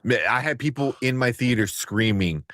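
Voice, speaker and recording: A man co-hosting a casual movie podcast, talking in an animated way with swearing and quick impressions. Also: mid-range voice, no echo, clean studio sound. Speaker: podcast co-host.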